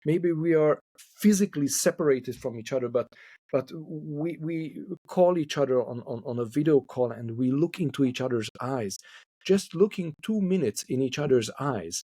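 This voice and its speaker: A man's voice: medium pitch, animated, normal speed, mellow, breathy edge, no echo. A man from Hungary who speaks English as a second language, a couple therapist talking thoughtfully in a podcast interview and repeating words as he searches for them.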